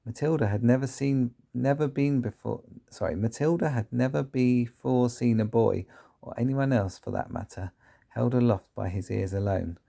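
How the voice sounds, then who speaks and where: A man's voice: medium pitch, normal speed, creaky, dark tone. A man reading a children's book aloud, sometimes stumbling and correcting himself. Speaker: reader.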